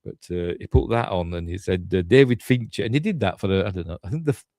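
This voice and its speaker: A man's voice: deep voice, animated, fast talker, darkish tone, no echo, studio quality. A man with a Yorkshire accent hosting a casual film review, retelling scenes in a rambling, chatty way full of fillers and chuckles. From Yorkshire, England. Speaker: film reviewer, channel host.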